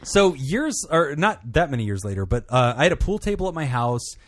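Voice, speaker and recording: A man's voice: a little high, sing-song, a little fast, dry recording, studio quality. A man hosting a podcast, telling a long rambling story in casual chat with many fillers. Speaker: podcast host and therapist.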